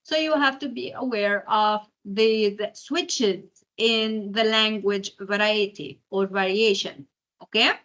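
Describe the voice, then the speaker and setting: Bright-voiced lecturer. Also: female voice, mid-range voice, steady tone, takes it slowly, highs cut off. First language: Arabic. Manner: explanatory, keeps checking in with "okay?". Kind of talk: university lecture.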